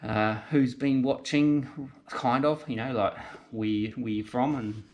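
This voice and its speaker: The recording is muffled, and the medium-pitched man takes his time speaking. A New Zealander hosting a casual car restoration vlog, he works in a garage, thinking out loud and amending what he says, using a handheld camera mic.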